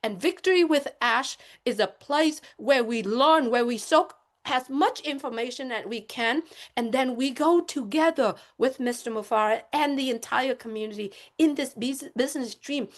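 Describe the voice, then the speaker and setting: A woman's voice: high voice, moderate pace, hardly any pauses. A woman speaking as a panelist on a webinar, giving an impassioned, emphatic talk that circles back to its points. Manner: emphatic, repetitive, lecturing.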